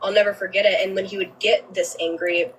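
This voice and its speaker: Woman on a livestream telling her story, raw and halting, sounds a little far from the mic. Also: mid-range voice, little pitch movement, slight background noise. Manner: candid, emotional, swears freely, halting restarts.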